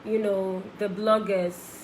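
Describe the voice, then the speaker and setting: A woman's voice: medium pitch, flat delivery, takes it slowly, a little hiss or hum, poor audio. Chatty young Ghanaian woman on a live stream. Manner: switches between English and Twi, chatty and effusive. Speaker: singer on a live video. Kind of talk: casual live-stream chat.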